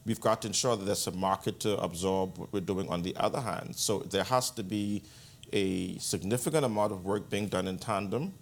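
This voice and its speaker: Man, very low voice, deliberate interview guest. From Bahamas. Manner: measured, deliberate, with frequent restarts. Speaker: guest economic commentator. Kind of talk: interview answer.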